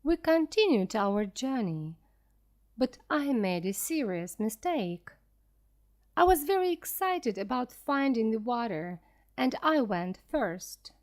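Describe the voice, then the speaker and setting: A woman reads a simple adventure story for beginner learners. She speaks slowly and clearly, her pitch a bit high and her intonation lively. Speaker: narrator.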